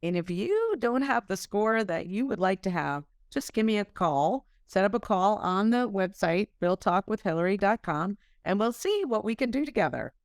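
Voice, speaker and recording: A woman hosting an interview podcast, measured and asking clarifying questions. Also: mid-range voice, sing-song, dry recording, clean studio sound. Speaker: podcast host.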